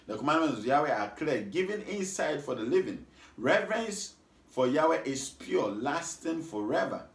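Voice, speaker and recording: Man, preacher, sermon, call-and-response, repeats phrases, roomy echo. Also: a little high. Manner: rhythmic, repeats lines, asks the congregation what.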